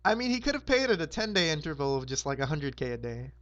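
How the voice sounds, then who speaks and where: A hoarse young man hosting a roleplay game, casually recapping the map in a rambling, laid-back way with lots of fillers. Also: on the high side, sing-song, quick pace, a bit bright, no echo, dull audio. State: hoarse, sore throat.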